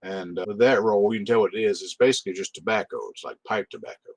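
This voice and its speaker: A man's voice: fairly low pitch, steady tone, fast, dry recording. A man narrating as the game master of a tabletop role-playing game, describing scenes in an easygoing way.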